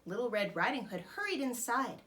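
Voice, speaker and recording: Woman, storytime host, children's book reading, expressive, lively pitch, slightly high voice. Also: a little fast. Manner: expressive and animated. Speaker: storytime host dressed as a princess.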